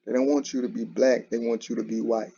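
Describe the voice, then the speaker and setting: A commentary channel host delivers a casual solo monologue, restarting often and repeating "you know". His mid-range voice is gravelly and mellow, brisk, with little pitch movement. The dull lo-fi recording has a little hiss or hum.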